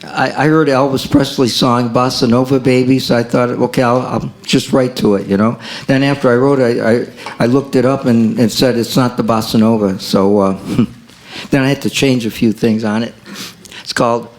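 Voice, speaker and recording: A man's voice: mid-range voice, steady tone, moderate pace, darkish tone. A man reading his own poems at a café open mic, in a rhythmic way that repeats lines and stretches key phrases. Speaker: poet.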